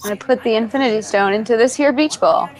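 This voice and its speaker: A woman's voice: fairly high pitch, a little fast, heavy background noise. A woman from the cast, casually commenting on a show video and giggling as she recounts mishaps. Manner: giggly, storytelling.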